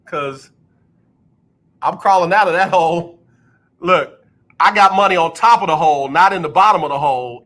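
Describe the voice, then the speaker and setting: Bright-voiced, joking radio host. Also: male voice, sits high, rough recording. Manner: joking, reading out listener texts; animated, laughs often. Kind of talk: sports talk radio banter.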